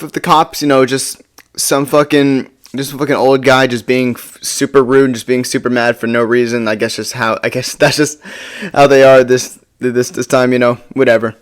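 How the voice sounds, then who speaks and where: A man's voice: medium pitch, normal speed. A man telling a story in a casual vlog, rambling, stumbling over his words and swearing casually. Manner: rambling, with frequent stammered restarts and casual swearing. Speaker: storytime vlogger.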